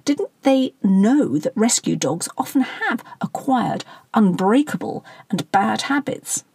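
A woman playing a brisk, practical wife with a sharp tongue. Her lines rise high and lively, in a slightly husky voice. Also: dry recording, full character voice.

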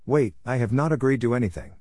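A man's voice: medium pitch, quick pace, mellow, no room sound, studio quality, voice pushed up, close to an everyday voice. A man voicing a confused, groggy young woman who has just died, talking in a bewildered, protesting way.

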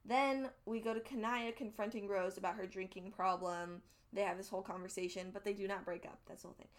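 A woman's voice: medium pitch, steady tone, fast talker. A young woman casually recapping a webcomic, rambling and swearing freely as she acts out what the characters said. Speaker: podcast co-host recapping a webcomic.

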